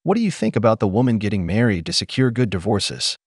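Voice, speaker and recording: A man narrates scripted commentary in a mocking, sardonic tone. His pitch moves lively up and down over a very dry, close recording. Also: quick pace, husky, no echo. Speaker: channel commentator.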